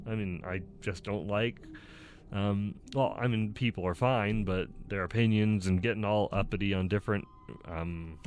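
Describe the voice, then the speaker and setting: A man's voice: fairly low pitch, a little hiss or hum. A man reading personality test questions aloud and answering them candidly, rambling and often laughing at himself. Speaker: YouTuber taking an online personality test. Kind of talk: casual self-recorded talk, reading questions aloud and answering.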